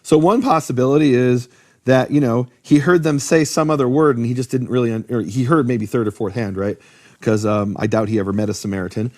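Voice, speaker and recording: A man teaching in a conversational lecture about biblical names, animated, posing rhetorical questions and often restarting his sentences. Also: mid-range voice, brisk. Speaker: Bible teacher explaining Hebrew names.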